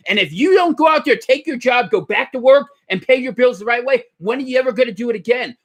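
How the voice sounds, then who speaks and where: A man putting on a deep, gravelly voice to play a loud parody talk-show host who preaches and rants. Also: full character voice.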